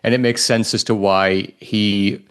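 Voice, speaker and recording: A man co-hosting a podcast in casual chat, making his points in an earnest, measured way. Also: on the low side, flat delivery, fairly bright tone, clean tone. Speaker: podcast co-host.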